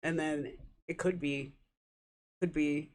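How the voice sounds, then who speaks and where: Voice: medium pitch, steady tone, slow pace. A podcast co-host in casual chat, easygoing and amused.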